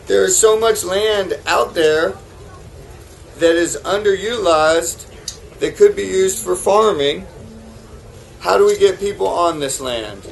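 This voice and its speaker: A man's voice: high-pitched, creaky, slight background noise, rough recording. A man giving a passionate talk to a live audience about farming, who keeps throwing rhetorical questions at the crowd. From New England. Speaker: farmer giving a conference talk.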